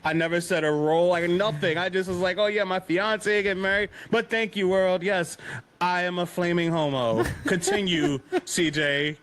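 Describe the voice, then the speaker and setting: In a casual podcast chat, a young male guest laughs a lot while animatedly telling jokey stories. His voice is high-pitched and his pace moderate.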